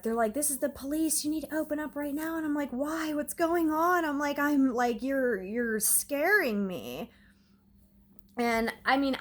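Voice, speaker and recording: Woman telling a rambling personal story. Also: medium pitch. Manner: animated, rambling retelling with many fillers. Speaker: vlogger. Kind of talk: casual storytelling. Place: her home.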